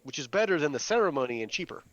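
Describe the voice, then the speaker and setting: A man's voice: on the high side, sing-song, racing, a bit bright, dry recording, muffled recording. A man playing a tabletop game, earnestly and methodically asking the game master about rules. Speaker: player. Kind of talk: casual tabletop play.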